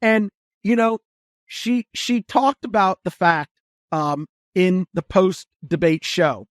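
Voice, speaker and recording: A man with a high voice co-hosts a political talk show. He speaks in an animated way and trips over repeated words. The recording is close and dry. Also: slow pace, no room sound. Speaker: podcast co-host. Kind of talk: political commentary.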